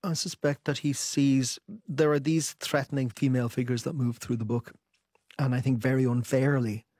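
A man, an author, answering interview questions thoughtfully and reading a passage from his book aloud in a measured way. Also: mid-range voice, steady tone, a little mellow, no room sound.

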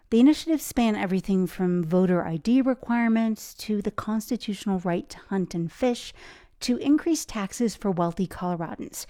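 A woman reporter reading a scripted news report in a steady, informative way. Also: medium pitch, no echo, studio quality.

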